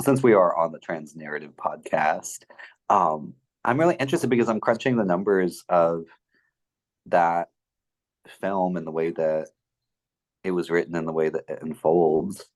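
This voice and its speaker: Deep-voiced, measured man. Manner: measured, inquisitive. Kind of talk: casual panel chat.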